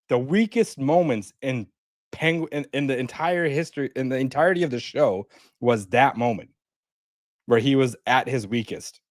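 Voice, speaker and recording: A man in a relaxed co-hosted review chat, retelling scenes and slipping into the characters' lines as he goes. His voice sits at an everyday middle pitch. The mic is close and the sound is dry, with no room echo. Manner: relaxed, acts out characters' lines in quick bursts. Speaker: co-host. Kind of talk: casual chat, recapping scenes.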